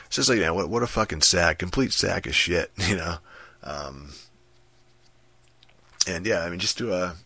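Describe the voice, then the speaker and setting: A man's voice: low voice, moderate pace, gravelly, pauses often, pushed and bright, breathy edge, no room sound. A man ranting casually about a video game, profane and rambling, with many fillers and restarts. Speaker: gaming commentator.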